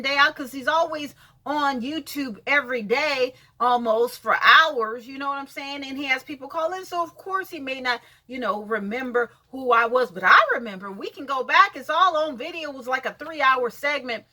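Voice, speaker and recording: Lively, bright-voiced woman ranting. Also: high voice, moderate pace, hardly any pauses. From California. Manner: blunt, sassy, cursing freely. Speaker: vlogger. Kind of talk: casual rant to camera.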